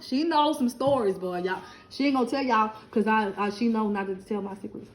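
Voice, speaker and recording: Her voice a little high and her delivery brisk, a middle-aged Lubbock, Texas woman chats animatedly with her live stream viewers, laughing and speaking right to them. The audio quality is poor.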